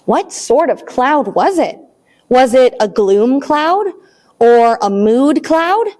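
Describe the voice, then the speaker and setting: A woman librarian reading a picture book aloud to small children, expressive and animated, then leading a counting rhyme. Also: high-pitched, takes it slowly. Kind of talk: storytime read-aloud.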